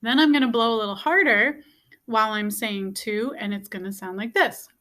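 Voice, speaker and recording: This instructional video features a woman teaching beginner music, patiently going over each step again and checking in with "okay?". Her pitch is fairly high, her tone fairly bright, and her pace moderate.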